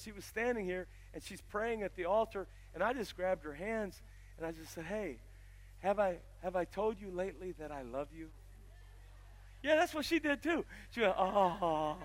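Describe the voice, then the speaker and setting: Bright, high-voiced male preacher. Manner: storytelling, swells loud and emphatic. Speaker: pastor. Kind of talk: sermon.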